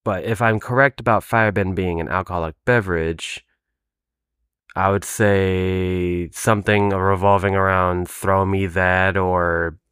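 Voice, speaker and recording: Laid-back male podcast co-host, lowish voice, dry close mic. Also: fairly even intonation, unhurried, fairly bright tone, clear, resonant tone, no echo. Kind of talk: casual chat.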